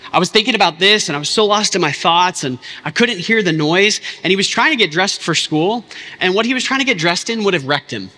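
A man's voice: fairly high pitch, bright, forceful tone, long reverb tail. A man, preaching a sermon in an impassioned, conversational way, full of casual asides. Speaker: pastor.

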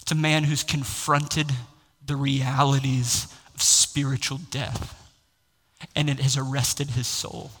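A man's voice: medium pitch, level tone, slow, fairly bright tone, breathy edge. A man preaching a sermon as pastor, impassioned and building to raised exclamations. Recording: long hall reverb.

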